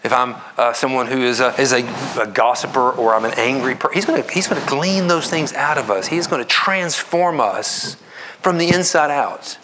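A pastor preaching a sermon to his congregation in an earnest, conversational way, with repetitions and quick asides. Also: mid-range voice, noisy background. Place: church sanctuary.

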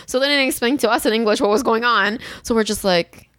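A woman's voice: fast, no room sound. Chatty woman retelling a bad outing. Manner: animated, acts out quotes with rising pitch and laughs. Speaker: storyteller. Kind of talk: casual chat.

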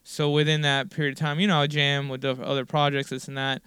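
A man's voice: fairly high pitch, little pitch movement, fast, fairly bright tone, clean tone, no echo, clean studio sound. A man in his forties telling a long, rambling story in a casual interview, with lots of fillers and the odd swear word. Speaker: guest musician.

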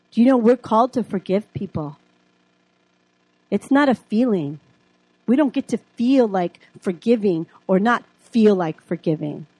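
A middle-aged woman teaches a class on the Bible, telling her own testimony like a lively storyteller. She acts out the dialogue as she goes. Her mid-range voice sounds dry and close, with no room echo. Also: mid-range voice.

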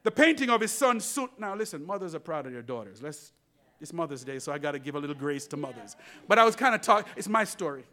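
Male pastor, lively sermon storyteller, bright and forceful tone, pitch a bit high. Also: quick pace. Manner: animated storytelling, addresses congregation.

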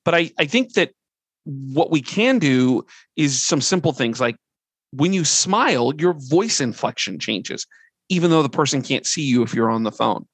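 A middle-aged man of average pitch gives a training talk in a relaxed, earnest way. He moves through his points one at a time. His voice is close and dry, with no room sound. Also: moderate pace, husky, no echo. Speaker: presenter. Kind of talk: conversational training presentation.

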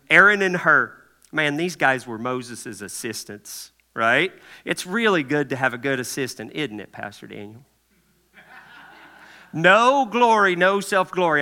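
A man preaching a sermon in an animated, folksy way, often checking in with the congregation. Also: fairly high pitch. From Kentucky. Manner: animated, folksy, asks the room "right?" often. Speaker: pastor.

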